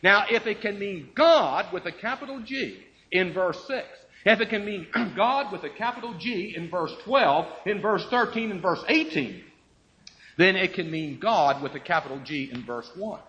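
A man preaching an expository Bible sermon, slowing to stress key phrases and answering his own rhetorical questions. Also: high-pitched, expressive, pushed and bright, highs cut off.

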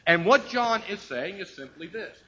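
A man preaching an expository Bible sermon, slowing to stress key phrases and answering his own rhetorical questions. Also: high-pitched, expressive, sharp tone, lo-fi sound.

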